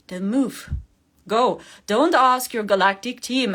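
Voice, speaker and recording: Woman, fairly high voice, earnest coaxing spiritual talk, laughs often. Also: expressive, slow pace, a bit bright. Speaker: spiritual livestream host.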